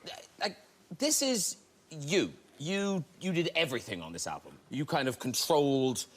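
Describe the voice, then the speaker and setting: Lively Irish talk show host, husky. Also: male voice, fairly high pitch, moderate pace. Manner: lively, teasing. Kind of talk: casual chat. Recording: studio audience in background.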